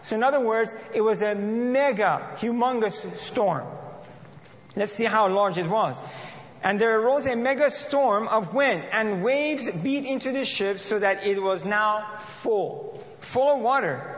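A man's voice: high-pitched, measured pace, a bit bright. A man preaching a sermon and reading scripture aloud, earnest, often repeating and restarting phrases. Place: church. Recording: dull lo-fi audio in a reverberant hall.

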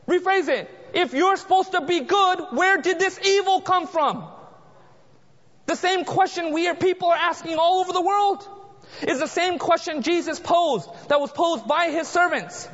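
A man preaching a sermon as pastor, dramatic, dropping to a hush for emphasis. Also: extremely high pitch, normal speed. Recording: muffled sound in a large reverberant hall.

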